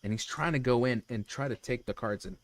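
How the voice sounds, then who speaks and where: A man's voice: medium pitch, fairly quick. Man spinning a heated story on stream. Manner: animated, profane, lots of restarts and "you know". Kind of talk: casual storytelling to a live chat.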